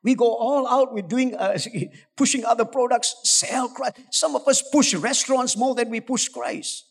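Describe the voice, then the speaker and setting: A man's voice: extremely high pitch, unhurried. A male pastor preaching a sermon, urging and coaxing his congregation with rising intensity. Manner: urgent, exhorting, rising to shouts, coaxing the congregation. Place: church hall. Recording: long hall reverb.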